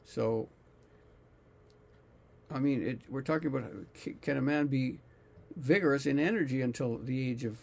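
A man's voice: mid-range voice, normal speed, creaky, long pauses, a little mellow. A man reading scripture aloud and musing on it casually, often searching for words. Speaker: scripture reader and commentator.

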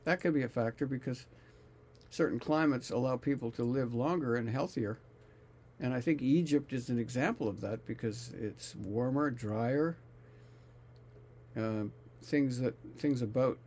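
A man's voice: medium pitch, darkish tone, slight background noise. A man reading scripture aloud and musing on it casually, often searching for words. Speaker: scripture reader and commentator.

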